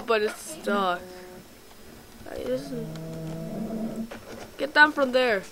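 A woman giving rambling, excitable let's play commentary while gaming, full of ums and restarts. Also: a little high, drawn-out words, pauses often, rough recording. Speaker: gamer.

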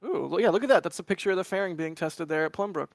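Guy with a slightly high voice thinking out loud, kinda unsure, dry sound, casual live show. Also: expressive, very fast, creaky, no echo. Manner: tentative, thinking aloud. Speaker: co-host, photographer.

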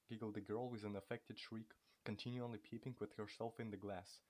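A man's voice: on the low side, steady tone, a little fast, few pauses, darkish tone. Man narrating a storybook, with small slips. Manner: reads with occasional slips and restarts. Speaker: audiobook reader.

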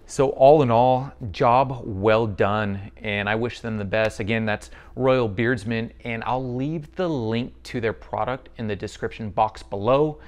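A man's voice: medium pitch, unhurried, few pauses. A man giving a casual, chatty product review, friendly and thinking aloud with the odd filler.

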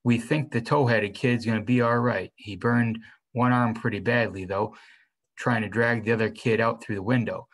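A man reading the lines of a kindly grown man who calmly reassures a hurt teenager. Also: medium pitch, normal speed, low-quality recording. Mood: grave.

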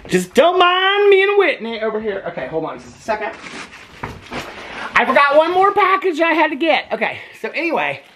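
A middle-aged man chats to camera from his bedroom, rambling and cheerfully correcting himself as he goes. His voice swings up and down in a lively way, and he laughs easily between sentences. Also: fairly high pitch, gravelly. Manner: chatty, rambling, self-correcting, laughing often. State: out of breath. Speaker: vlogger. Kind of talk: casual chat to camera. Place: home bedroom.

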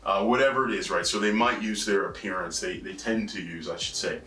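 A man teaching a class in a casual, conversational way, often checking in with "right?" and pausing on "uh". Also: on the low side, bright, forceful tone. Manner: conversational, frequent "right?" and "uh" fillers. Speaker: college instructor. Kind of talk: recorded lecture. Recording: roomy, distant mic with faint noise.

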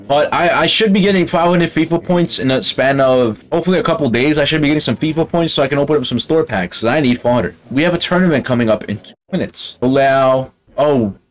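A man commentating on his own football game matches, excitable and yelling at the screen. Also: medium pitch. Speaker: gaming channel host. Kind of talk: gaming commentary.

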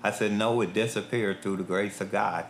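A man's voice: fairly low pitch, steady tone, normal speed, noisy background. A middle-aged man in prison gives an earnest, plain-spoken personal testimony in a casual, colloquial way. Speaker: prison inmate giving testimony. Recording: echoey room with faint music.

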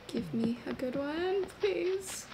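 A young woman streaming a video game, chatting to her viewers in a casual, gushing, easily excited way. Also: high-pitched, takes it slowly, vocal fry, background noise. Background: game music.

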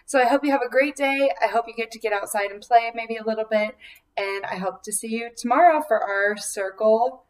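A young woman teaching a preschool circle time from home, talking slowly and clearly in a sing-song way for small children. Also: fairly high pitch, far from the mic, poor audio.

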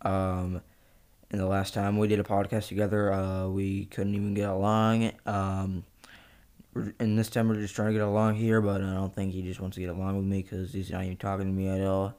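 Low-voiced man pleading with his twin. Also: completely flat delivery, a little fast, clean tone. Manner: pleading and hesitant, many fillers and restarts, flaring into yelling. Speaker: channel host. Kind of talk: comedy skit podcast.

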